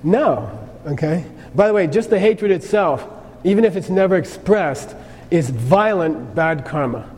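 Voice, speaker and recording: High-voiced man teaching in a hall. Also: animated, measured pace, hardly any pauses, darkish tone. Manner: conversational, keeps checking in with "okay?". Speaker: Buddhist teacher. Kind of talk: lecture on karma. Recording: long reverb, faint noise.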